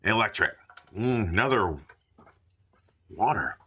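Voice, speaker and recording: A man's voice: fairly low pitch, animated, slow pace, bright, forceful tone, slightly rough. A man hosting a live card-opening stream from a store, chatting and joking with viewers while calling out card names. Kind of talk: casual live-stream commentary. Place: indoors at a store.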